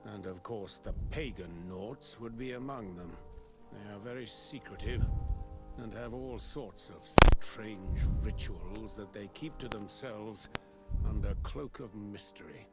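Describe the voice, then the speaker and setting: An actor playing a stern, zealous male church bishop in a game, speaking slowly and gravely. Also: lowish voice. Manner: slow, grave and preachy. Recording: game audio with music behind.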